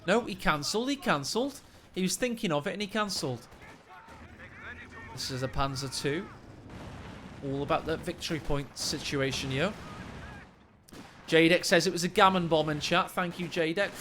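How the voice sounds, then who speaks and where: Bright-voiced game caster. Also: male voice, fairly high pitch, normal speed, long pauses, a little hiss or hum. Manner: cheeky, joking asides. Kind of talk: casual play-by-play game commentary. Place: at home late at night.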